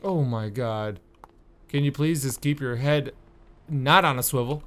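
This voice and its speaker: A man's voice: mid-range voice, a little slow. Exasperated man commentating a game. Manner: exasperated, swearing, loud outbursts. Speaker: gaming YouTuber. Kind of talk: let's-play commentary.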